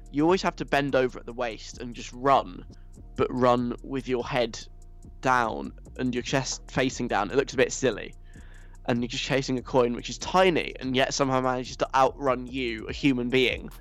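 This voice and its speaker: Young man teasing listeners. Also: mid-range voice. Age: young adult. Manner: teasing, mock-stern. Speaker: host reading listener messages. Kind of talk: casual chat.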